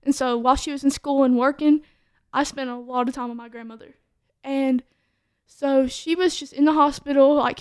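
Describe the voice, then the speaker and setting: A young-sounding woman talks through her testimony on a podcast, her voice sitting high. She rambles casually, leaning on "like" and restarting her sentences, and the sound is dry and close with no room echo. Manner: chatty, full of "like" fillers.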